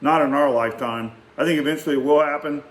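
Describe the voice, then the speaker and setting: A middle-aged man telling a rambling, animated story in a casual way and acting out quotes. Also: on the high side, fast, reverberant. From Texas. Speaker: vlogger.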